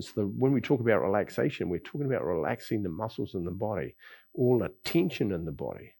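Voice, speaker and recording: A man teaching a qigong class, talking in an easygoing, rambling way with sighs and soft chuckles. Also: low-pitched, gravelly, breathy edge. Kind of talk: relaxed spoken class talk. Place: lives in Bali.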